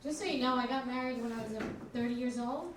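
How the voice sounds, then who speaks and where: A woman's voice: fairly high pitch, quick pace. A woman hosting a comedy club, bantering crudely and mocking herself between acts in front of a live audience. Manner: brash, crude, self-mocking banter with the crowd. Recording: echoey club, distant mic, crowd noise.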